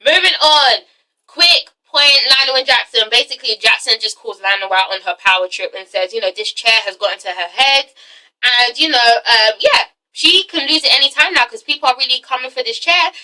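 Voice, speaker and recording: Woman, casual vlog recap, animated, profane, very bright tone. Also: high voice, a little fast, far from the mic, rough recording. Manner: animated, profane, acts out characters' lines with laughter. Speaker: TV show reviewer.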